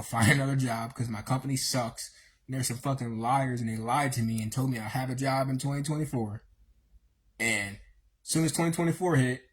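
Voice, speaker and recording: A man's voice: medium pitch, husky. A man hosting a livestream, preaching in a rambling, slangy way with many fillers and restarts. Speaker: livestream host. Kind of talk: casual livestream monologue.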